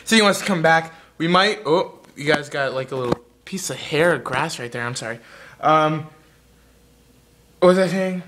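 A young man with a slightly high voice rambles through a casual home vlog. His talk is goofy and scattered, hopping from snacks to dogs to painting walls. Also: normal speed, a bit bright, a little hiss or hum. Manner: rambling, goofy, jumps between topics while eating. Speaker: vlogger.

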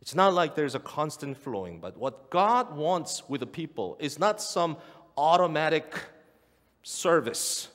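A man's voice: fairly high pitch, sing-song, measured pace, fairly bright tone. A male pastor preaching a sermon, emphatic and repeating key phrases for weight. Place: church sanctuary. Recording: long church hall reverb.

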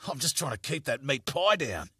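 A man's voice: mid-range voice, sing-song, normal speed, pushed and bright, a little hiss or hum, pitched above the performer's own voice. A man voicing a laid-back, wry male police officer, the partner of the lead, in an audiobook. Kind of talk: audiobook character voice.

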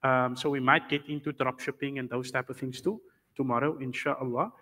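A man's voice: medium pitch, steady tone, normal speed, bright, forceful tone, in a large hall. A man teaching a class on Islamic law, explaining patiently and often asking the students whether they follow. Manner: explains patiently, checks understanding with rhetorical questions.

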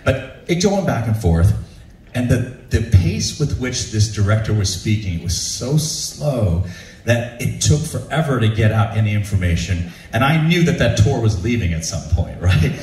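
Animated man telling a comic story. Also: mid-range voice, moderate pace, echoey room, far from the mic, a little hiss or hum. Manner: animated, self-deprecating, laughs through the story. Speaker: stand-up storyteller, show host. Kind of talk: comic storytelling to a live audience. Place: shipboard show venue.

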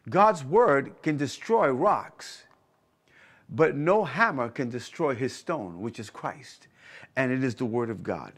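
A man's voice: medium pitch, expressive, takes it slowly, slightly rough. A man preaching a sermon with emphasis, repeating key phrases and asking the listeners whether they are hearing him. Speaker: pastor.

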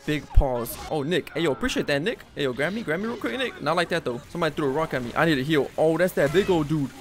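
Fast, hyped young man gaming. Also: a little high, animated. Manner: hyped, slangy, yelling when attacked. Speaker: gaming YouTuber. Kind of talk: gameplay commentary.

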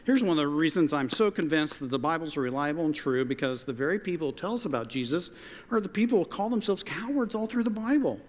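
Animated preaching man in a reverberant hall. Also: on the high side, fast talker. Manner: animated, conversational preaching with quoted dialogue. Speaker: pastor. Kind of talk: sermon. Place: church sanctuary.

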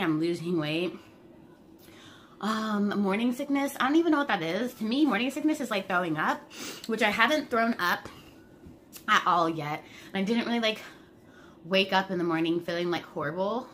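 A woman's voice: medium pitch, sharp tone, slight background noise. A young woman talking casually to her viewers while she eats, chatty and swearing freely. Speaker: vlogger. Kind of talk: casual mukbang vlog.

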